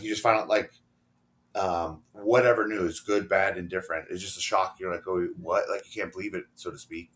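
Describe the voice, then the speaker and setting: Low-voiced man telling a rambling story. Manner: rambling, acts out quoted dialogue. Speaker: interview guest, professional wrestler. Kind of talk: casual storytelling interview.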